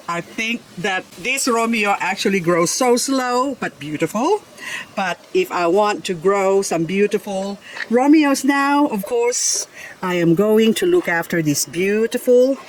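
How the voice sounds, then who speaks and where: A woman's voice: mid-range voice, a little hiss or hum, rough recording. A woman hosting a casual gardening vlog in her garden, chatting and pointing things out plant by plant, often laughing. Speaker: succulent grower, channel host. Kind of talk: casual show-and-tell vlog. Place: outdoors in a garden.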